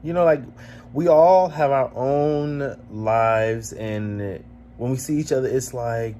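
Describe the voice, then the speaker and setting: A man's voice: medium pitch, takes it slowly, dark tone, slight background noise. A man hosting his own vlog, talking in a casual, reflective and emotional way, rambling with lots of "like" and just woken up. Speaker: vlogger host.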